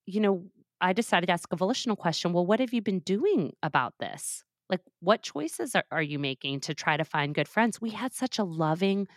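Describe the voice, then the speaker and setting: Forties woman guest, low voice, lively explainer, dry sound. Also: no echo. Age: 40s. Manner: animated, explains with quoted examples. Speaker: guest, professor and author. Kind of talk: conversational interview.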